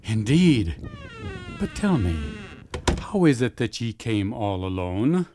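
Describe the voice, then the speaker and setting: A man's voice: on the low side, sing-song, takes it slowly, background noise. A man voicing a grave, kindly male gatekeeper who speaks solemnly in old-fashioned formal English in a radio drama.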